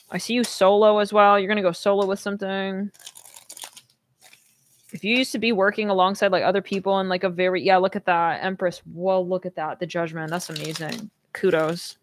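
A woman's voice: fairly low pitch, slight background noise. A woman doing a casual tarot reading for viewers, talking in a rambling way full of fillers and restarts. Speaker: tarot reader.

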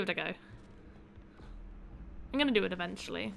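A woman's voice: medium pitch, expressive, fairly quick, vocal fry, long pauses, a bit bright. A woman streaming a video game, chatting casually in a chatty, self-mocking way and laughing easily. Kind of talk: casual live-stream chat.

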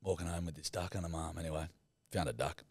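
Sweary husky New man. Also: low-pitched, steady tone, fast, a little mellow, no echo. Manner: sweary, laid-back banter. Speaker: podcast co-host. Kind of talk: casual chat, telling crude yarns.

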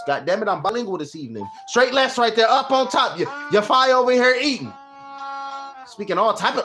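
A man giving loud, profane live fight commentary, swinging from low muttering to high yelling, at home alone at a microphone. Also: sing-song, a little fast, faint music behind.

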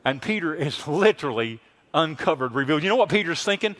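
A man preaching a sermon as pastor, emphatic, swinging from hushed lines to loud exclamations. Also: fairly high pitch, animated, quick pace.

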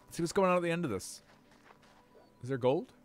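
A man streaming a game with a slightly high voice, giving loose, playful commentary. He swears freely and talks back at the creatures on his screen, now and then bursting out loudly. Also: lively intonation, a little fast. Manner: sudden loud outbursts. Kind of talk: casual let's-play commentary.

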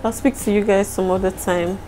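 A woman's voice: mid-range voice, fairly even intonation, brisk, mellow, faint music behind, low-quality recording. A young Nigerian woman with a Nigerian accent talking casually to the camera in a home vlog, openly emotional and apologetic. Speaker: vlogger.

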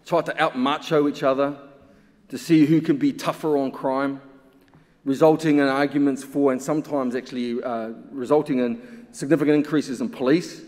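A man speaks at a symposium with blunt, emphatic conviction. His voice sits at an ordinary middle pitch. It rings out with a long reverb trail through a large hall. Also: fairly even intonation, normal speed, a little mellow. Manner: impassioned and emphatic, with pointed rhetorical questions. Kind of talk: conference talk.

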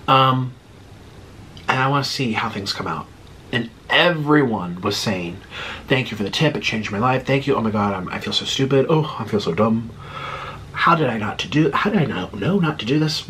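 A man's voice: mid-range voice, expressive, normal speed, sharp tone. Guy in his 30s rambling on about stuff, kinda out of breath, chatty, bit of faint hiss behind. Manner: chatty, digressive, many fillers and restarts. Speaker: mukbang vlogger. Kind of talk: casual rambling monologue.

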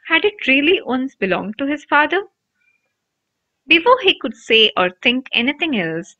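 A woman narrating an audiobook aloud in an expressive, animated storybook reading. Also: medium pitch. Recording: dull lo-fi recording.

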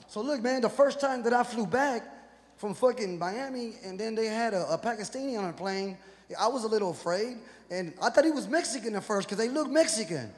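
Expressive and brisk, this high-voiced Houston comic delivers a profane, rowdy stand-up set with plenty of punch. The live venue recording carries long reverb and crowd noise, with audience laughter and hall ambience behind him on stage.

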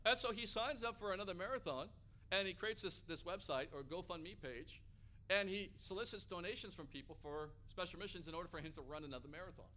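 Bright-voiced, energetic American preacher man. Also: high voice, fairly quick, slight background noise. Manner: energetic, rising to loud emphatic peaks. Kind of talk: sermon.

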